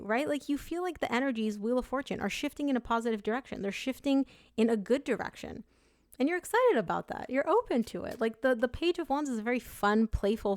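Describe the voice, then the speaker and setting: A woman's voice: on the high side, darkish tone, no room sound. A woman giving a chatty, upbeat tarot reading, talking straight to her viewers. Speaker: tarot reader.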